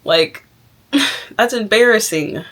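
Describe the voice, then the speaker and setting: A woman's voice: medium pitch, takes it slowly. Young woman vlogger, casual and outspoken, filler-heavy talk. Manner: frank, animated, heavy use of "like". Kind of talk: casual advice monologue.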